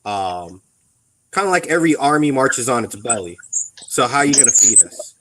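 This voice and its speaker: A man's voice: medium pitch, sing-song, moderate pace, fairly bright tone, slight background noise, rough recording. Blunt, rambling man in casual chat. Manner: rambling, blunt and profane, with many ums. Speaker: veteran on a live radio chat.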